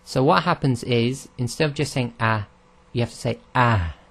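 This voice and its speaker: A man of middle pitch gives a recorded lesson on how Arabic letters are pronounced. He explains patiently, step by step, and models each sound aloud for his listeners to copy. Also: normal speed, creaky, fairly bright tone. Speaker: Arabic pronunciation teacher.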